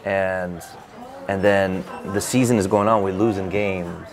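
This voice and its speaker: A man with a fairly low voice tells a personal story to an interviewer at a bookstore event. He is animated and loose, stacking "like" fillers as he goes. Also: unhurried, a crowd in the background. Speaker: author. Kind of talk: casual anecdote in an interview.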